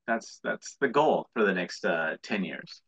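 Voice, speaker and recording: His voice is lowish, a bit bright and slightly rough, with vocal fry, and he sounds animated but unhurried. The American entrepreneur is a guest in a casual interview, rambling earnestly and restarting often over dull lo-fi sound.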